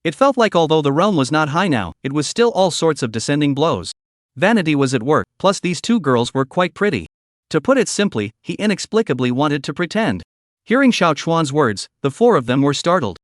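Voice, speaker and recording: A man narrating a fantasy comic story in scripted form, with steady storytelling delivery. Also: a little high, normal speed, no room sound, studio quality. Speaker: recap narrator.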